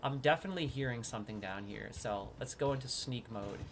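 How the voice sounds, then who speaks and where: A man giving casual gameplay commentary as a streamer, excitable, swinging from hushed sneaking talk to loud outbursts. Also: medium pitch, brisk, background noise. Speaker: gaming streamer.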